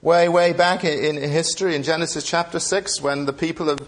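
A man's voice: on the high side, fairly even intonation, fairly quick. A man preaching a sermon in an earnest way, asking the listeners many rhetorical questions.

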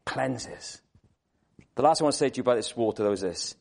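A man's voice: mid-range voice, expressive, fast talker, gravelly, a little mellow. A man gives a sermon with earnest conviction. He presses his listeners with rhetorical questions and repeats key words to drive his points home. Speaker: preacher.

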